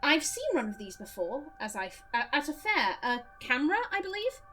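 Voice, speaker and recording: A woman's voice: sits high, big pitch swings, a little fast, pushed and bright, slight background noise, exaggerated voice. A woman voicing a young male Irish investigator in a video game, asking polite, inquisitive questions in a put-on Irish accent.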